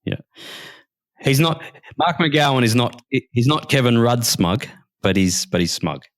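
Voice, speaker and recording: A man's voice: mid-range voice, animated, a little slow, dry recording, clean studio sound. An Australian man co-hosting a podcast, rambling and repeating himself in casual chat. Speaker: podcast co-host.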